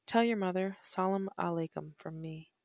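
Woman reading gentle devout male prisoner, earnest and soothing, low voice, dry close audiobook sound. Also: moderate pace, no echo, natural voice. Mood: earnest, comforting.

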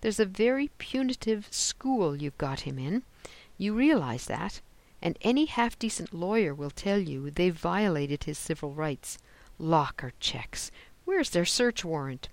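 Calm persuasive tutor read by the narrator, smooth and sure of himself, audiobook, dry close voice. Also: medium pitch, measured pace, no room sound. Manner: smooth, soothing, self-assured.

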